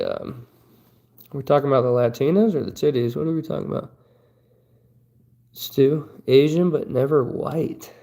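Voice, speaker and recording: A male streamer in his thirties bantering with his chat in loose, profane jokes. His voice is dark and gravelly, and his pitch swings all over the place as he reacts. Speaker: livestream host. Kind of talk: casual livestream chat, reading viewer comments.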